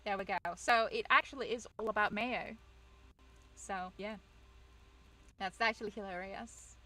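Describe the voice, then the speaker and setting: A woman's voice: medium pitch, bright, forceful tone, slight background noise, rough recording. A woman from England, chatting casually on stream, telling rambling stories and reading chat aloud, full of fillers and restarts.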